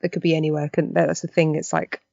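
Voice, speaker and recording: A woman's voice: sits low, flat delivery, quick pace, creaky, darkish tone, dry recording, dull audio. A woman hosting a casual interview, answering supportively with short agreements. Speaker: interview host.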